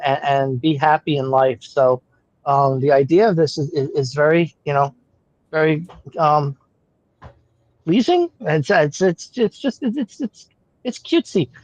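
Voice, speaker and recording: A man's voice: on the high side, darkish tone, no echo. A man in a casual chat, giving friendly comments with lots of repeated words and hesitations. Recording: dull lo-fi sound.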